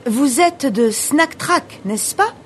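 A woman's voice: high voice, lively intonation, takes it slowly, a little hiss or hum. An actress playing a woman who politely greets an arriving visitor in a scripted dialogue. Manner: polite and welcoming. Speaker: character in a course dialogue.

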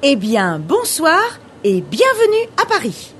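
A woman's voice: high-pitched, huge pitch swings, unhurried, slight background noise, full character voice. An actress playing a woman who politely greets an arriving visitor in a scripted dialogue. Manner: polite and welcoming. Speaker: character in a course dialogue.

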